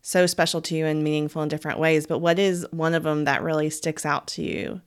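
A woman's voice: low voice, level tone, fairly quick, clear, resonant tone. A woman podcast host asking questions and giving short encouraging replies.

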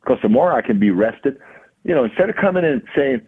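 A man, a hitting coach and podcast guest, telling a lively story and acting out the dialogue. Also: medium pitch, fast talker, slightly rough. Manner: acts out quoted dialogue. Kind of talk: animated storytelling. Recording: tinny phone-like line.

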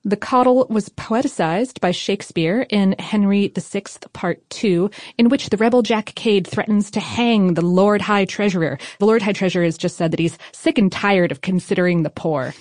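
A woman's voice: mid-range voice, normal speed, few pauses, darkish tone, no room sound. Chatty woman podcaster, dry close mic. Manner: chatty and informal, with fillers and laughs. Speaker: podcast co-host. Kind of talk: casual chat explaining history.

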